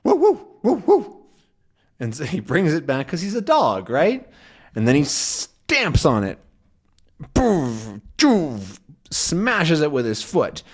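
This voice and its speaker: A man teaching English by explaining a comic in slow, simple words, adding sound effects as he goes. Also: on the high side, huge pitch swings.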